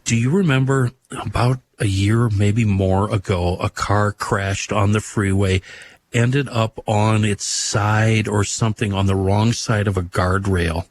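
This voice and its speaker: A man hosting a talk radio show, telling folksy stories in a relaxed chat and laughing easily. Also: fairly low pitch, measured pace.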